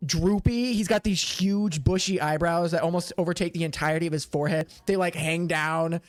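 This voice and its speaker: Male game master, high-pitched, loose rambling narration, dry sound. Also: steady tone, a little fast, no room sound. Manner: casual, filler-heavy narration.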